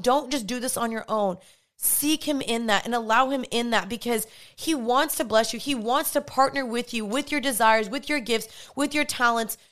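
A young woman talks to her podcast listeners with fervent, repeated emphasis. Her voice sits fairly high for a woman. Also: a bit bright. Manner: passionate, emphatic, repetitive. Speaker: podcast host. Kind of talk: faith-based podcast monologue.

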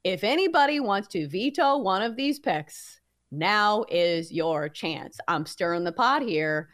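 A woman's voice: mid-range voice, measured pace, dry recording, studio quality. A woman co-hosting a sports betting podcast, teasing the others and running through the picks. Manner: lively, teasing, runs the recap. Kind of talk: casual sports betting talk.

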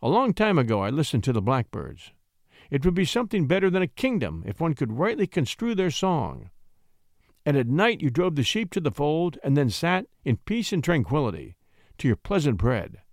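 A man voicing a weary, brooding king in a classic story, speaking slowly and heavily. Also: on the high side, huge pitch swings, no echo, studio quality, voice pushed up. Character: grave middle-aged king, weary and brooding.

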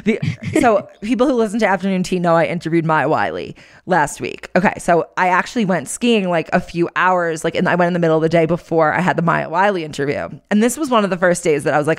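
A woman's voice: lowish voice, fairly quick, hardly any pauses. A young woman hosting a podcast, telling stories in casual chat and laughing often. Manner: animated storyteller, laughs often. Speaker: podcast host.

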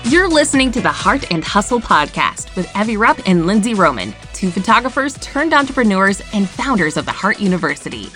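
A woman announces a podcast intro with upbeat, promotional energy. Her voice sits at a middle pitch, and soft music plays quietly behind her. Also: very animated, brisk, hardly any pauses. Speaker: show announcer. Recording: voice-over with faint music behind. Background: faint music.

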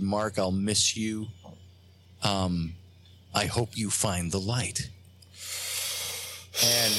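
A man with a fairly low voice, a talk show guest telling a long personal anecdote. He talks in a halting, rambling way, full of pauses and restarts, and slips into the voices of the people he quotes. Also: a bit bright. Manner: halting, many fillers and restarts, acts out quotes.

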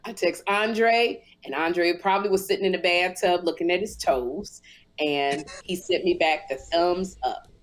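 A woman co-hosting a podcast, telling a story with lively energy and acting out both sides of each conversation, in casual speech. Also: lowish voice, a little slow. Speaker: podcast co-host.

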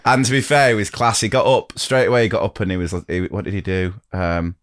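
This man co-hosts a podcast and tells travel stories in a fairly low, relaxed voice. His tone is casual and enthusiastic, like someone reliving a good trip. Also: quick pace. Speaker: podcast co-host, teacher. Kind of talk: casual chat.

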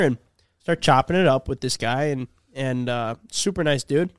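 Young man, casual storyteller, smooth clear voice, dry close sound. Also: medium pitch, normal speed, dry recording. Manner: laid-back storyteller, acts out quotes. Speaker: YouTuber. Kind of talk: casual podcast chat.

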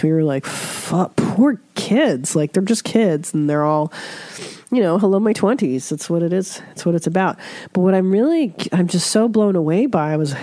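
Woman podcast host with a cold: stuffy, chatty, loose-mouthed, with a dark, dry tone. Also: sits low, dry recording. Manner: chatty, swears freely, puts on voices when quoting others. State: congested from a cold. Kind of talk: casual chat.

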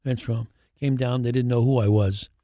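An older man, a guest actor on a podcast, telling lively anecdotes and acting out the voices of the people in them. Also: mid-range voice, moderate pace, no echo, clean studio sound. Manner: animated anecdotes, acting out the other voices in his stories. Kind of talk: podcast interview storytelling.

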